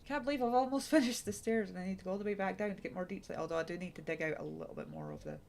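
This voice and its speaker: A woman's voice: medium pitch, sing-song, racing, vocal fry. A woman in her thirties streaming a game, chatting casually and frankly with lots of fillers. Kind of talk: casual chat while gaming. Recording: noisy, keyboard clicks behind.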